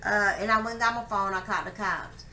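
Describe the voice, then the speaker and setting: A young woman telling a personal story to camera, profane and emphatic, acting out her quotes loudly. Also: medium pitch, fairly even intonation, quick pace. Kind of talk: candid storytelling monologue. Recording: echoey room with faint ambient noise.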